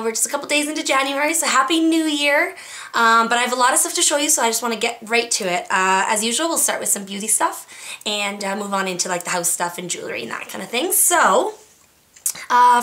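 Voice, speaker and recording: A woman's voice: fairly high pitch, pushed and bright. A young woman chatting casually about her favorite beauty products, enthusiastic and full of fillers. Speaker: beauty vlogger. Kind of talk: casual monthly favorites review.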